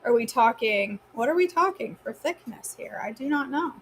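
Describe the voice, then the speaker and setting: A woman's voice: a little high, expressive, moderate pace, slight background noise. A woman with a Maine accent hosts a live cooking stream from her home kitchen. She chats casually and teasingly, answering viewers by name as she cooks.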